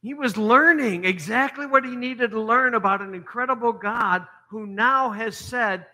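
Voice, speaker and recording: A middle-aged male pastor delivering a sermon in a storytelling way, dropping to hushed lines and rising to emphatic ones. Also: extremely high pitch, moderate pace, few pauses.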